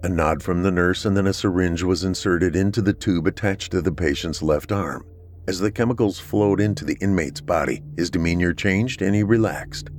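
A man narrating a dark story in a steady, measured reading. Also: low-pitched, a little hiss or hum.

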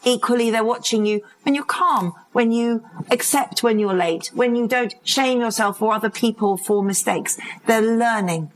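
Woman in her 50s, parenting expert, chatty and animated, does little voices for quotes. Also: a little high, normal speed, hardly any pauses, poor audio. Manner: animated storytelling with acted-out quotes and laughs. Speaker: parenting and addiction expert guest. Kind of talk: live conversational interview. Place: conference stage.

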